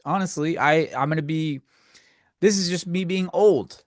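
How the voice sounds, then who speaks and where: A man's voice: a little high, animated, brisk, no echo, clean studio sound. A man hosting a solo comedy podcast, ranting crudely and rambling, acting out the people in his stories. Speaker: podcast host.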